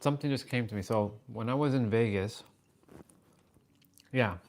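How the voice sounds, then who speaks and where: A man chats on a livestream, telling his story with animation. He turns to his viewers between anecdotes and answers their comments in a relaxed, conversational way. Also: medium pitch, moderate pace. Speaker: livestream host. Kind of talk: casual livestream chat.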